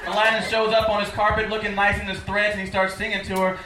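A man's voice: sits high, little pitch movement, fast talker, roomy sound, poor audio. A man doing a stand-up set in a comedy club, telling sarcastic stories. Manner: storytelling, sarcastic.

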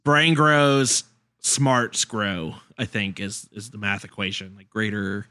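A man co-hosting a casual movie podcast, animated and quick to laugh. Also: lowish voice. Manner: animated, laughs often, jumps between points. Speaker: podcast co-host.

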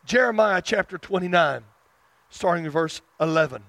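A man from South Arkansas with a Southern accent, preaching a sermon and swinging between loud fervent stretches and hushed tender ones. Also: high voice, a little slow, no room sound. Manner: chuckles at his own asides.

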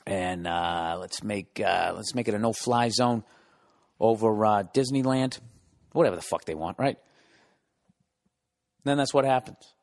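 A man's voice: on the low side, unhurried, pauses often, dry recording, clean studio sound, pitched below the performer's own voice. A man playing a pushy, profane rich fixer. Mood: gruff, pushy. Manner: pushy, profane, cutting others off. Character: brash rich male fixer buying off a politician.

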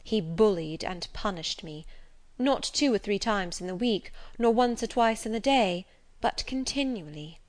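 A woman reading a novel aloud in measured narration, dropping at times to a hushed near-whisper. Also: mid-range voice, expressive. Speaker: audiobook narrator. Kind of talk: scripted narration.

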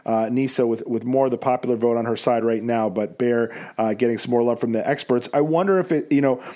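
Male podcast host, mid-pitched, easygoing chatter with plenty of ums. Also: fast, mellow. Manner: conversational, many fillers. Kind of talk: casual podcast discussion.

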